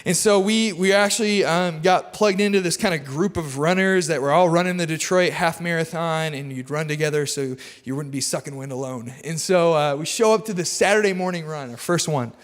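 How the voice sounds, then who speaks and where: High-voiced man preaching with humor. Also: brisk, hardly any pauses. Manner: casual, storytelling, self-deprecating humor. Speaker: guest preacher. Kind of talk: sermon with personal stories. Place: large church auditorium. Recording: long hall reverb.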